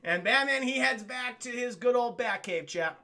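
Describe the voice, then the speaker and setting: Streamer reviewing a cartoon for chat: animated, swearing, bright gravelly voice that swings all over. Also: male voice, very high voice, normal speed. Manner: animated, keeps addressing chat, swears a lot. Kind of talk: profane casual live-stream commentary.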